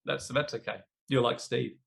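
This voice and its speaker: A man's voice: mid-range voice, steady tone, normal speed, creaky. Earnest man telling a personal story. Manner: earnest and confessional, with playful teasing. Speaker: teacher in an online spiritual debate. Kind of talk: heartfelt personal storytelling in a live discussion.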